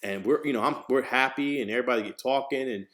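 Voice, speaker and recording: A man's voice: medium pitch, quick pace. A man hosting a podcast, telling a story in casual, profane talk, acting out the voices of the people in it. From New Jersey, USA. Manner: profane, animated, acts out quoted voices. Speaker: podcast host.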